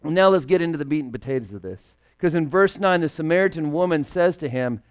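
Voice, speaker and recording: A male pastor preaching a casual, humorous sermon in a conversational, animated way, joking with the congregation. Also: fairly high pitch, fast, few pauses, smooth.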